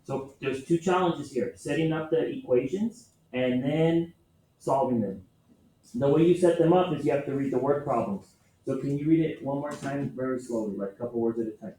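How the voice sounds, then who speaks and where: A man's voice: mid-range voice, moderate pace, mellow. A man teaching a math class, patiently explaining step by step and asking his students questions. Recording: echoey classroom with faint noise.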